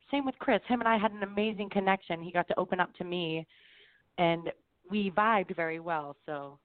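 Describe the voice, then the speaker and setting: A woman's voice: lowish voice, no room sound. Earnest woman guest on a phone-like line. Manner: earnest, open, hesitant with fillers. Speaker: podcast guest, reality show contestant. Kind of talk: casual interview answers.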